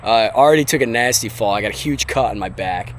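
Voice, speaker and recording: A man in his late twenties talks to the camera in a loose, rambling way, cracking jokes and dropping the odd swear word. He records on the go, first from a car and then outside at a skate park. Wind and passing traffic are clearly heard behind his voice. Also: lowish voice, quick pace. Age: late 20s. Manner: rambling, joking and offhand, with swearing. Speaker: vlogger. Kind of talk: casual vlog chat. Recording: outdoor wind and traffic noise.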